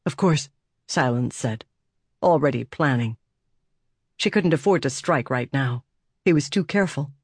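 Measured male audiobook narrator, dry. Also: medium pitch, slightly rough, no echo. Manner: steady, measured storytelling. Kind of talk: scripted fantasy narration.

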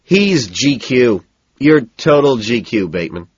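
A man's voice: fairly low pitch, big pitch swings, moderate pace, slightly rough, dry recording, lo-fi sound. A man voicing a tipsy, boastful young male banker who talks crudely, in an audiobook. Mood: swaggering. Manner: crude, swaggering.

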